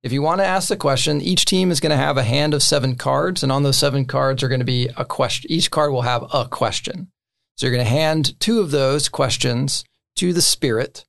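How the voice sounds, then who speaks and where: A man's voice: medium pitch, a little fast, creaky. A man casually explaining the rules of a board game to friends, with many fillers and short laughs. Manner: relaxed, filler-heavy, laughs between points.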